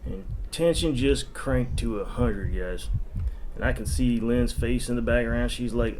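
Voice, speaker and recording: A man's voice: medium pitch, moderate pace, a little mellow, a little hiss or hum. A man narrating a first-person crime story in a crude, profane way, with ranting asides.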